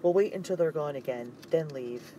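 A man's voice: a little high, normal speed, dark tone, a little hiss or hum, close to an everyday voice, rough recording. A man reading aloud, voicing a frightened but brave young girl who whispers tensely. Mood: hushed.

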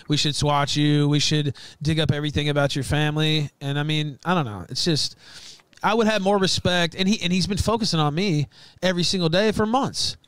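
A man's voice: fairly high pitch, fairly bright tone, clean tone, no room sound. Aggrieved man on a dry, close mic. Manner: aggrieved, profane, halting. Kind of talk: casual stream talk.

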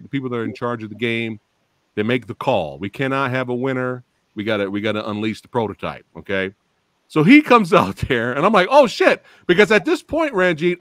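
A man hosting an interview, telling an excited story about his reactions and swearing freely as he acts them out. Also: medium pitch, no echo. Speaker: interview host. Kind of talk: excited storytelling, casual chat.

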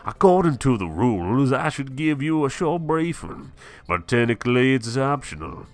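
A man voicing a friendly, businesslike male storekeeper in a game, reading slowly and matter-of-factly. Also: mid-range voice, very animated, pitched above the performer's own voice, lightly acted.

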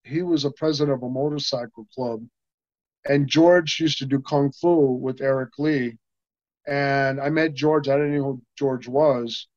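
An older man, a guest in an interview, rambles through a casual anecdote with many restarts, acting out what people said. His mid-range voice is darkish and steady, and he speaks a little slowly. The sound is dull and dry with no room ambience.

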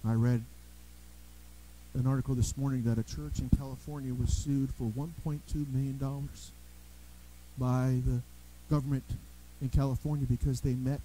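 A male pastor preaching a sermon in a church, telling everyday stories with lively emphasis and frequent restarts. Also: mid-range voice, moderate pace, a little hiss or hum, poor audio. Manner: animated storytelling preacher, repeats and restarts words. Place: church sanctuary.

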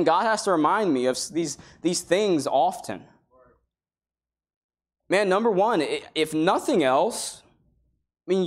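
A man preaching a sermon in an earnest, conversational way, weaving in King James Bible quotations. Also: sits high.

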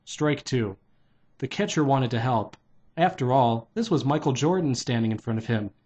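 A man's voice: mid-range voice, animated, moderate pace, a little mellow, husky. A man casually reading a children's novelization aloud. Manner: plain, unpolished read-aloud. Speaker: reader.

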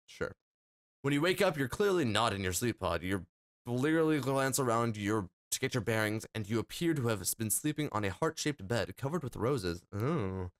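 A man hosting a let's play, reading game text aloud in an excitable, flustered way as he comments on the gameplay. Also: mid-range voice, moderate pace. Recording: game music playing behind.

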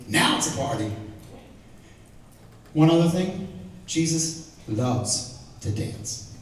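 A middle-aged man with a fairly high voice gives a lively, joking Bible lesson to a live audience, throwing out questions as he goes. He sounds far from the mic, in a very echoey hall with a faint hiss underneath. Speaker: Bible teacher.

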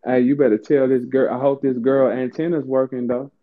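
A man hosting a heated live audio chat, profane, taunting and boastful, swinging from low mutters to high outbursts. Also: little pitch movement, fairly quick. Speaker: host of an online audio room. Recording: tinny phone-line audio.

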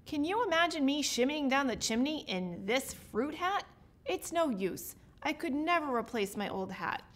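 A gentle, sighing old Santa with a fretful streak, read aloud by a woman. The voice sits fairly high for him and stays soft-spoken throughout the storybook. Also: very animated, normal speed. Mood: glum. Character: kindly older Santa, easily worried.

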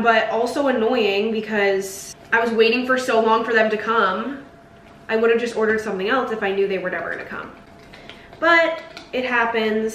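Chatty young woman vlogging from a distance. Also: a little high. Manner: chatty, talks straight to camera, lots of "like". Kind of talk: casual vlog chat. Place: at home in an apartment. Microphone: camera mic. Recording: roomy, from a distance, faint noise.

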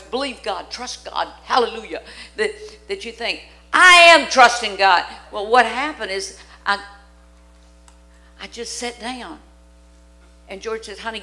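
Animated older woman preaching. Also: medium pitch, low-quality recording. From Louisiana. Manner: animated, dramatic, acts out voices in her stories. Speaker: guest preacher. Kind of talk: storytelling sermon. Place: church sanctuary.

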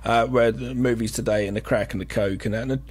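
A man's voice: fairly low pitch, fairly even intonation, a little fast, darkish tone, slightly rough. A man co-hosting a podcast in casual chat, rambling with many fillers and restarts. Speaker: podcast co-host.

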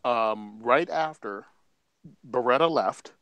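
A man's voice: mid-range voice, slow, fairly bright tone, clear, resonant tone, no echo. Joking man telling a gun story. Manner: storytelling, joking, laughs often. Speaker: podcast co-host. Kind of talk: casual chat.

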